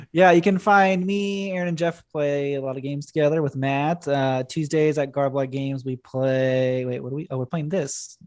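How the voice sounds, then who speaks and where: A man's voice: on the high side, fairly even intonation, normal speed, darkish tone, clear, resonant tone, no room sound. A man introducing himself as a player on a tabletop game stream, a bit scattered and laughing. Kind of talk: casual self-introduction.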